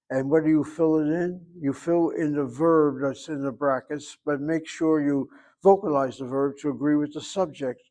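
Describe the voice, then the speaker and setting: A man's voice: a little high, darkish tone. An older man teaching a Hebrew class, joking and digressing, then patiently correcting a student's pronunciation. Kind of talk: online class instruction.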